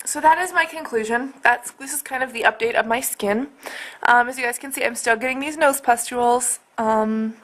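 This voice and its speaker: A woman's voice: on the high side, normal speed, fairly bright tone. A young woman in a casual video update at home, talking to her camera in a rambling, exasperated way full of fillers. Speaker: vlogger. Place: at home, indoors.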